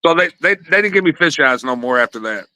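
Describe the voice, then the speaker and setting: A man tells loose, profane stories in a casual interview. His voice is bright and forceful, sits at an ordinary middle pitch, and is recorded close and dry. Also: expressive, fast, no echo, poor audio. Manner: profane, rambling, laughs at his own stories. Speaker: wrestler, interview guest.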